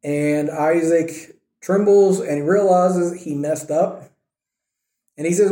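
A man's voice: a little high, slow pace, mellow, roomy sound. A man giving a casual Bible teaching, telling the story with wry jokes and quoted voices.

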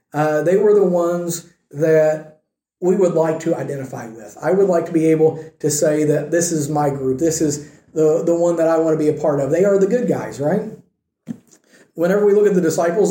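A man's voice: fairly high pitch, warm tone. A man preaching a conversational sermon, retelling a story and asking his listeners questions. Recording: echoey room.

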